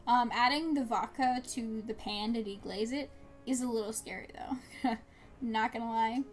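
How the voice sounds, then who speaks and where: A woman's voice: a little high, normal speed. Chatty young woman streamer, game music behind. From New Jersey. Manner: chatty and rambling, frequent fillers and little laughs. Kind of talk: casual chat while gaming.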